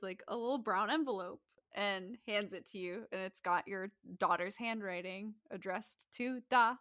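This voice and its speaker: A woman running a tabletop game as game master, chatty and laughing as she narrates. Her voice is bright and clear, recorded in a dry room. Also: medium pitch, moderate pace, hardly any pauses, no echo.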